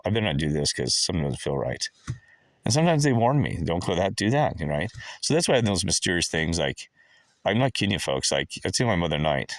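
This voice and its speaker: Deep-voiced guy rambling on, gets worked up telling stories, dry close sound. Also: no room sound. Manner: excitable storytelling with frequent asides and exclamations. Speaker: vlogger. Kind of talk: rambling casual monologue.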